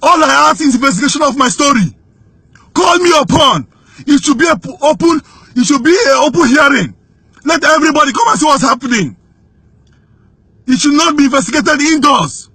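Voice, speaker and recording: Here a Nigerian whistleblower recounts events in impassioned testimony, his very high, bright voice piercing and full of lively intonation. He moves briskly but leaves long pauses, sounding urgent and indignant and pushing into shouts to make his case. The sound is close and dry, with no echo.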